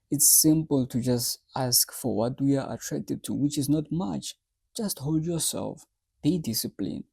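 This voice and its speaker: A man's voice: mid-range voice, vocal fry, mellow, husky, dry recording. A man hosting a reaction video, giving blunt, lecturing commentary.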